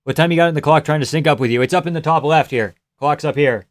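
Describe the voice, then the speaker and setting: A young man hosting a livestream, reacting to a fight with casual, profane commentary, yelling advice at the fighters and laughing often. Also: a little high, fast talker, few pauses. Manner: excitable, profane, yells at fighters, frequent laughs. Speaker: livestream host.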